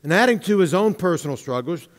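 A man preaches from the pulpit, high in pitch and leaning hard on his stressed words. He mixes plain teaching with light humorous asides. The long echo of the church hall trails behind each phrase. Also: lively intonation, quick pace. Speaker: pastor. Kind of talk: sermon. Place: church sanctuary.

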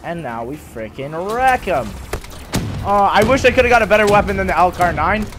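A young man giving excitable live commentary over a video game, swearing and talking to the characters on screen. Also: high voice, normal speed, background noise. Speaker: gaming YouTuber. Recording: voice over loud game audio.

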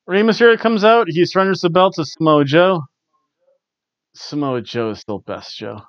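A man with a slightly high voice talks through a recap in a loose, rambling way, stopping and restarting often. The sound is dull and lo-fi, and the room is dry. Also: moderate pace, a bit bright, dry recording. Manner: rambling, offhand, with many ums and restarts. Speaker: wrestling reviewer, show host. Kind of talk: casual spoken show recap. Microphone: camera recording at home.

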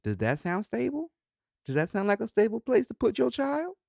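A man hosting a podcast in a laid-back, rambling solo talk, swearing freely and breaking into high laughs. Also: wildly swooping pitch, moderate pace, gravelly, darkish tone, no room sound, studio quality. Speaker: podcast host. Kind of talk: casual solo monologue.

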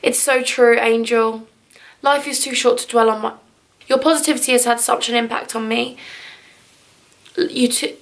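A young woman talks to her vlog camera in her living room. Her voice sits a touch high, and she gushes with upbeat emotion, a little teary as she goes. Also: steady tone, moderate pace, gravelly, pauses often. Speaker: vlogger. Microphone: handheld vlog camera.

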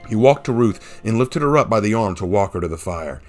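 Deep-voiced man reading a story. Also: expressive, a little fast, hardly any pauses. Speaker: narrator. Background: faint background music.

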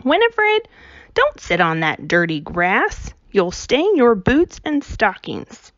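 A woman's voice: on the high side, wildly swooping pitch, slow pace, a bit bright, no echo, lo-fi sound, voice pushed up, full character voice. A woman voicing a fussy old grandmother with a thin, piping voice. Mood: fussing. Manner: piping, fretful.

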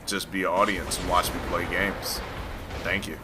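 A man's voice: low-pitched, fairly quick, noisy background. A man hosting a let's play, rambling, teasing and talking back to the game as he plays. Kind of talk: joking gameplay commentary.

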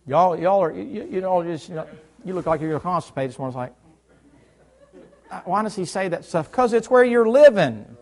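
A man's voice: high voice, expressive, normal speed, a little mellow. A middle-aged man, preaching a folksy sermon in church and quizzing his listeners. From United States South. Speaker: pastor.

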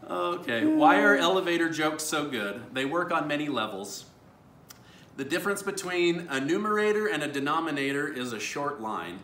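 A man's voice: a little high, expressive, normal speed, bright, forceful tone, reverberant, a little hiss or hum. A man hosting a family video, reading dad jokes aloud and laughing at his own punchlines. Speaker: YouTube host reading viewer dad jokes. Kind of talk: casual family vlog.

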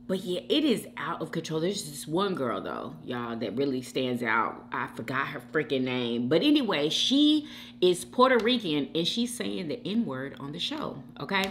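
Animated woman chatting to her viewers. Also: lowish voice, a little hiss or hum. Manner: animated, keeps addressing viewers as "y'all". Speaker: mukbang channel host. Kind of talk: casual chat to viewers while eating.

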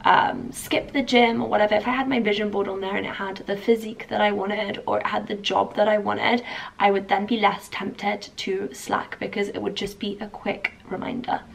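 A London woman in her twenties, a trainee surgeon who vlogs, chats casually at home while getting ready, upbeat and peppering her speech with "like." Her groggy morning voice is medium-pitched and creaky, captured in a low-quality recording with slight background noise.

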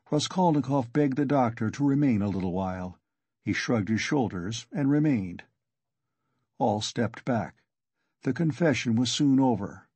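Man reading a classic novel audiobook, mellow husky voice, dry close sound. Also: mid-range voice, no echo. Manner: steady, measured storytelling. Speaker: audiobook narrator.

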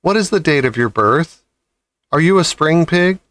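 A man's voice: fairly high pitch, expressive, normal speed, a bit bright, no room sound, voice pushed up. A man voicing a polite, precise female spider who grows tired, in a storybook reading.

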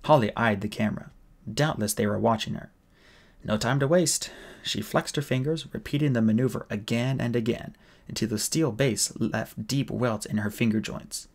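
A man reading a novel aloud as an audiobook, with steady, plain storytelling. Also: medium pitch, moderate pace. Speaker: audiobook reader.

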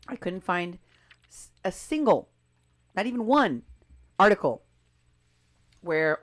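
A woman commenting on clips and posts, emphatic and skeptical, stressing key words. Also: on the low side.

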